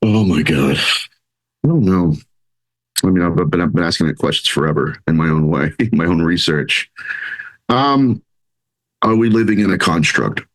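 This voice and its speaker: Lively low-voiced man in an interview. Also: a little slow, pauses often, poor audio. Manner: animated, rambling with restarts, acts out quoted voices. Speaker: paranormal researcher and author, podcast guest. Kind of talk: conversational interview.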